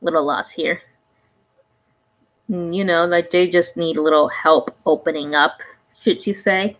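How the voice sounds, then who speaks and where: Rambling, chatty woman vlogger, low voice. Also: steady tone, a little slow, rough recording. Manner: rambling, conversational, often trails off and restarts. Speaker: reaction vlogger. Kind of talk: casual reaction commentary.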